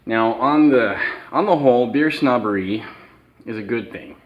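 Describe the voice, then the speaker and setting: A man from the Seattle area giving a casual opinion piece from work, earnest and halting, often correcting himself. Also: medium pitch, dull audio. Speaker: guest contributor.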